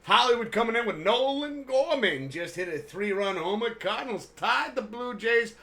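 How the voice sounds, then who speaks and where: Man, sports stream co-host, casual chat, excitable, high-pitched, sharp tone. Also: moderate pace. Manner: excitable, loud outbursts, reads viewer messages.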